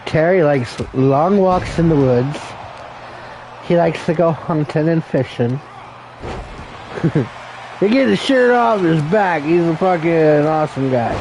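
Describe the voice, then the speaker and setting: A man's voice: fairly high pitch, animated, takes it slowly, long pauses, noisy background. A man calling an amateur wrestling show as commentator, crude and joking, rambling and calling people brother. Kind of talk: profane play-by-play commentary.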